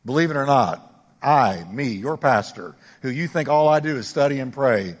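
An older male pastor delivering a sermon, swinging between emphatic raised exclamations and quiet, intimate asides. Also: medium pitch, expressive, moderate pace, in a large hall. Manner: preaching with rising emphatic exclamations.

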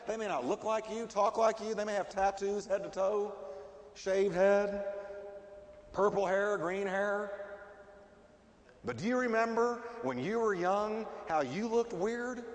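A middle-aged man preaching a sermon as a pastor, emphatic and animated, often asking his listeners questions. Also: high voice, unhurried. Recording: long hall reverb.

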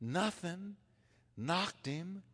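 A man preaching a sermon, swinging between loud emphasis and hushed, intense passages. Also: sits high, expressive, very slow, slightly rough. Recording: long hall reverb.

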